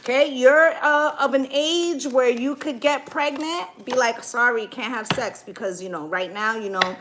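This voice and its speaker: A woman with a high voice talks through a tarot spread in a loose, casual way. She is blunt and profane, and she peppers her points with "right?" and "okay?". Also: a bit bright. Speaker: tarot reader. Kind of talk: casual tarot reading with commentary.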